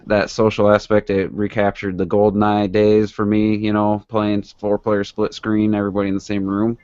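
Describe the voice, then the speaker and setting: A man speaks on a casual podcast in a low, flat voice, steady and matter-of-fact. He lays out his view calmly. The recording is dry and lo-fi. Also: clean tone, no room sound. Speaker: podcast guest. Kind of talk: casual chat.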